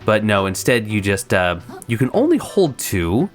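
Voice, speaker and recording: A let's-play host giving casual gameplay commentary with chatty, excitable asides. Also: medium pitch, normal speed, faint music behind.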